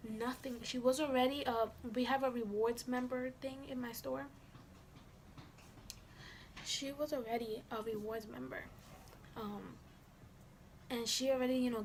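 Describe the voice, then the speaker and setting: A woman's voice: fairly high pitch, slight background noise. A young woman vlogger telling a story in casual, rambling chat, full of fillers and quoted dialogue.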